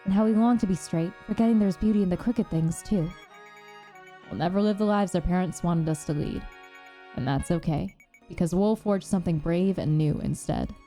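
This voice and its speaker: A woman's voice: lowish voice, moderate pace, dark tone, soft background music. A woman streamer reading a visual novel aloud, then gushing over it in an earnest, emotional way.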